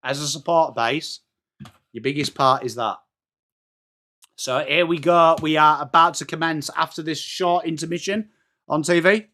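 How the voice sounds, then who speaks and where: A man's voice: fairly high pitch, normal speed, sharp tone. A middle-aged man from England with an English accent, hosting a live football watchalong, chatting to viewers by name and calling the play as it happens. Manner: chatty, reads out viewer messages and calls play. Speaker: livestream host.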